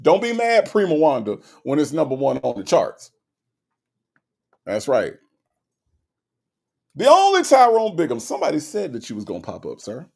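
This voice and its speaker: Gravelly-voiced man riffing for his stream. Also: fairly high pitch, normal speed, long pauses. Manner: animated, repetitive, laughing asides. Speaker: livestream host reading chat. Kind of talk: casual comedic commentary.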